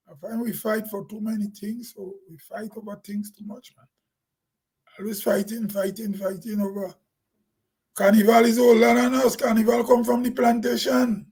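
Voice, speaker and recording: A man's voice: very high-pitched, darkish tone, breathy edge, low-quality recording. A Grenadian man talking plainly in a casual, rambling vlog monologue, laughing to himself now and then. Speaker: vlogger.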